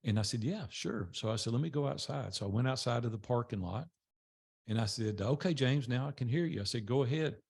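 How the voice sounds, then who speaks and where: An older man tells a personal story to a small group. His voice is gravelly and a bit husky, at a middling pitch. He talks in a loose, conversational way and acts out the voices of the people he quotes. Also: a little fast, darkish tone. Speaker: speaker telling his life story.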